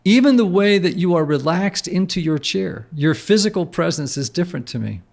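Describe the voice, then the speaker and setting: A man's voice: high-pitched, expressive, brisk, gravelly, darkish tone. A man hosting a podcast interview, affirming and reflective as he responds to his guest. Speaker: podcast host.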